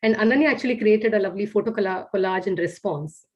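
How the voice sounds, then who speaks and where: A middle-aged woman at an online poetry reading, reading her own poems slowly and with care, and giving short hesitant introductions between them over a video call. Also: medium pitch, darkish tone, slightly rough, muffled recording. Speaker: poet reading her work.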